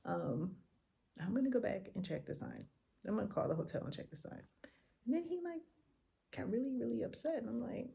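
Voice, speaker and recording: Woman travel vlogger, low raspy-fried voice, tired late-night chat from a hotel room. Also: moderate pace. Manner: chatty, animated retelling with quoted exchanges. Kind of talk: casual travel vlog storytelling.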